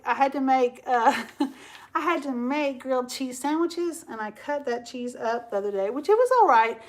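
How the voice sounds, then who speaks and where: A woman chatting casually and at length to viewers as the host of her crafting livestream, laughing often. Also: on the high side.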